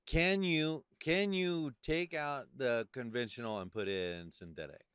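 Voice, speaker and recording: A man hosting a casual podcast chat, telling animated stories and swearing freely. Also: medium pitch, a little slow, clean tone, no echo, clean studio sound. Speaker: podcast host.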